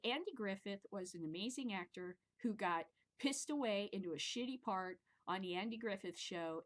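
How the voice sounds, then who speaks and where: Middle-aged woman host from the Midwest, loose and rambling monologue, cusses freely, animated delivery. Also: fairly low pitch. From American Midwest. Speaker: podcast host. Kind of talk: casual monologue commentary.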